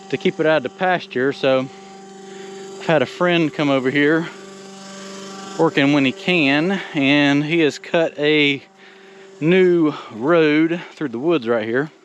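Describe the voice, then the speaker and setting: Plainspoken working man, a bit winded, outdoors at a clearing site; dull camera audio with faint ambience. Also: on the high side, fairly even intonation, takes it slowly, a little hiss or hum. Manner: plainspoken, thinking aloud with fillers. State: out of breath. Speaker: land clearing operator. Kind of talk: casual walk-and-talk vlog.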